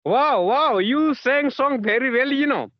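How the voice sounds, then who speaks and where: A man's voice: extremely high pitch, animated, unhurried, no echo, muffled recording. A man interviewing in casual conversation practice, repeating himself and filling gaps with "you know" and "yes, yes".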